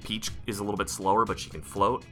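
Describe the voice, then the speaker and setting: A man co-hosting a podcast in casual chat, excitable and rambling, restarting his sentences often. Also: fairly low pitch, fast, soft background music. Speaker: podcast co-host.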